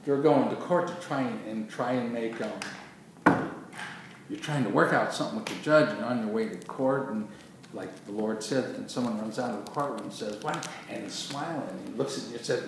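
A man preaching a sermon with emphatic delivery, swinging from quiet passages to loud bursts. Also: mid-range voice, moderate pace, creaky. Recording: echoey hall from far off with noise.

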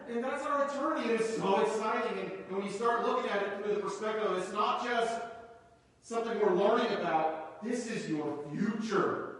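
A male pastor preaching a sermon, excitable, climbing into loud, stretched-out exclamations. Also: high voice, moderate pace. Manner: excited, rising to shouts. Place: church sanctuary. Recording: echoey hall, from far off.

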